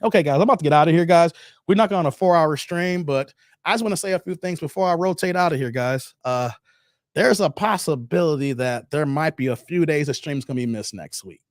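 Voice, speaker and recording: A man's voice: a little high, a little fast, no echo, clean studio sound. A man hosting a casual live stream, reading out chat messages and talking straight to his viewers in slang, with "man" and "guys" in nearly every sentence. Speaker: live-stream host reacting to videos and chat.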